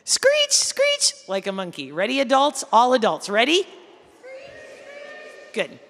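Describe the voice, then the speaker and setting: A woman's voice: mid-range voice, sing-song, a little slow. A woman teacher leading an audience through a call-and-response poem, coaxing them to make animal sounds. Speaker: teacher leading a school poetry event. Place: school hall or gym, indoors. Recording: echoey hall, faint room ambience.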